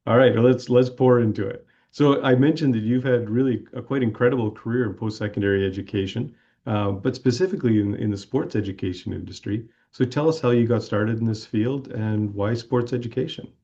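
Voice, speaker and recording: A man hosting a business school podcast, introducing his guest in a measured way with occasional fillers. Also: medium pitch, mellow, muffled recording. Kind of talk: podcast interview.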